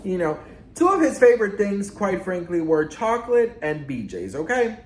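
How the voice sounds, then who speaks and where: A man telling a storytime in a sassy, dramatic way, swearing and swinging his pitch up and down. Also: big pitch swings, normal speed, roomy sound. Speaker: storytime vlogger. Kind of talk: casual storytime monologue.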